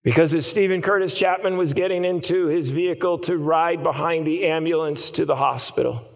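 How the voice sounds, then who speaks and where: A man preaching a sermon, telling a story dramatically and swinging between hushed and raised passages. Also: a little high, steady tone, fairly quick, gravelly, long reverb tail.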